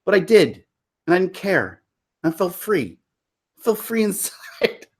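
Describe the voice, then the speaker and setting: A man's voice: high-pitched, big pitch swings, a little slow, husky. A man from Toronto chatting casually to viewers on a live stream, rambling with frequent laughs and restarts. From Toronto, Canada. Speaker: livestream host.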